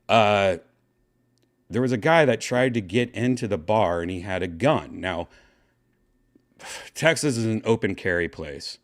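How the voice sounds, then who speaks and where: Low-voiced man telling a wild story. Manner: excited, swearing, acts out his own shouts. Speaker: podcast host. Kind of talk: casual storytelling.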